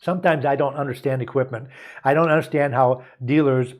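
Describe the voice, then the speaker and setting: A man's voice: medium pitch, fairly even intonation, brisk. A man from the United States who hosts a show as a car dealer. He gives casual advice, partly reads aloud, and rambles folksily with many asides and restarts.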